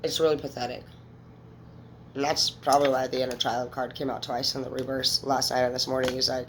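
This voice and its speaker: A woman in her thirties reading tarot speaks fairly quickly in a rumbling low, level voice, swearing freely as she talks candidly and emotionally to her viewers in a casual monologue. Slight background noise marks the rough recording.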